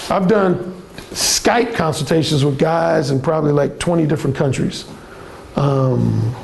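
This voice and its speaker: A fairly high-voiced man with a gravelly edge talks to a seminar crowd, bluntly and with plenty of profanity. His pitch swings widely as he tells his stories. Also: a little mellow, a little hiss or hum. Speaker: seminar speaker, dating coach. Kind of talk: storytelling talk to a live audience.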